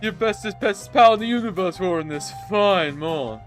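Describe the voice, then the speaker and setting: A man voicing a loud, boisterous young man who teases his best friend in brash, shouty bursts. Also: sits high, animated, moderate pace, faint music behind. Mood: teasing.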